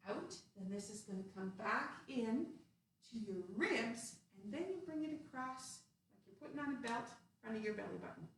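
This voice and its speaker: A woman's voice: a little high, a bit bright, far from the mic. Echoey woman leading a kids' movement class. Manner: playful, instructive, sing-song. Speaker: children's movement teacher. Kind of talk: guided kids' movement lesson. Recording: very echoey room, voice off-mic, faint hiss.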